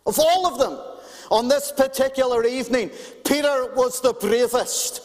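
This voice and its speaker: A man's voice: extremely high pitch, moderate pace, a little mellow. A man preaching a sermon to a congregation, stressing his points by repeating key phrases. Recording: long reverb in a large hall.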